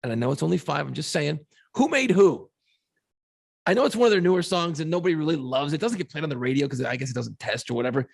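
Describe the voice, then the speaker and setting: Gravelly, animated man telling stories. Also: a little high, quick pace. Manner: profane, animated storyteller. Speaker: podcast co-host. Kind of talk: casual chat.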